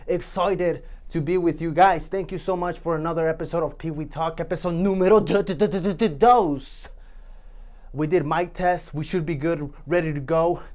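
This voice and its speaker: A man's voice: fairly high pitch, darkish tone. A male vlog host talking straight to his viewers in a loose, rambling way. He jokes, swears without a second thought and drifts from one story to the next. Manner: rambling, joking, swears freely. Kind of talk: casual solo vlog chat.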